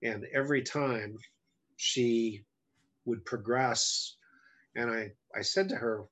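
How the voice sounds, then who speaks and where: A man's voice: mid-range voice, takes it slowly, fairly bright tone. A middle-aged man, a podcast guest, telling a story casually in a blunt, candid way, with wry humor about hard times. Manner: blunt, candid, often profane; self-deprecating humor about hardship.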